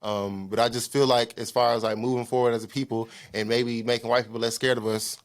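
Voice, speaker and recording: A young man co-hosting a podcast, animated and quick to jump in, repeating words as he works through a thought. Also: medium pitch. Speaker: podcast co-host. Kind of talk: casual podcast discussion.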